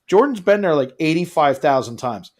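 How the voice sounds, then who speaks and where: A man's voice: fairly high pitch, normal speed. A man co-hosting a live travel chat, telling stories with lots of energy and acting out the people he quotes. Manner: animated storytelling, acts out quotes. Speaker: co-host of a travel show. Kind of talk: casual livestream chat.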